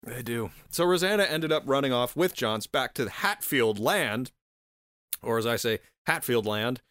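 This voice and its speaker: A man's voice: medium pitch, animated, unhurried, fairly bright tone, dry recording, studio quality. A man hosting a casual podcast and telling a history story, sarcastic and laughing, swearing often and tripping over his words. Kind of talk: casual chat.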